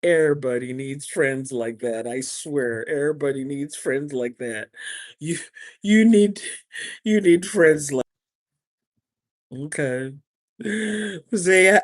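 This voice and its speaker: With a low, expressive voice, this host and spiritual advice speaker takes her time, leaving long pauses. She keeps the motivational talk casual, laughs a lot, and repeats phrases for emphasis.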